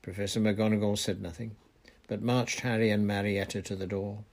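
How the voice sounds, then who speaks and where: A man reading a novel aloud in steady, deliberate narration. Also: on the low side. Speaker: reader. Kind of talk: audiobook narration.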